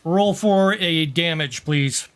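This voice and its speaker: A man running a tabletop game as game master, narrating the action in an unhurried way and adding sound effects. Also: on the high side, a bit bright, smooth.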